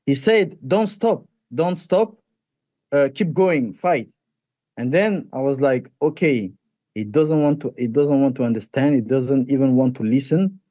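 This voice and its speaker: Fighter man, mellow voice, halting. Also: mid-range voice, no echo, dull audio. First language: French. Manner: halting, repeats words, animated when retelling. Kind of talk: interview answers.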